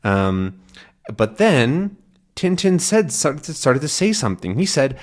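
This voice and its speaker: A young man teaching English, explaining a comic slowly and clearly for learners. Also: a little high. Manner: slow, clear and animated.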